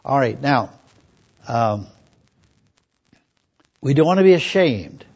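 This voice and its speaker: A man's voice: mid-range voice, very animated, takes it slowly, a little mellow, husky. An older man, a pastor, preaching a conversational sermon, telling folksy stories and reading scripture aloud. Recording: dull lo-fi recording.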